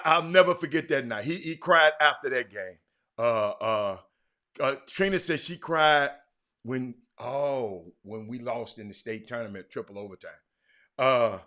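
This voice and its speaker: Bright-voiced man hosting a livestream. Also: high voice. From Houston, Texas. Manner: chatty, talks to viewers by name, frequent restarts. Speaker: livestream host. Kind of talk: casual livestream chat reading viewer comments.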